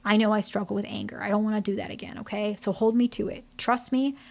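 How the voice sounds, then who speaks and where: A woman's voice: medium pitch, fairly even intonation, fast talker, gravelly, natural voice. A woman quoting a remorseful husband, defensive then sorry. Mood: apologetic. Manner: defensive then apologetic, plain speech. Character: remorseful husband who yelled, grown man.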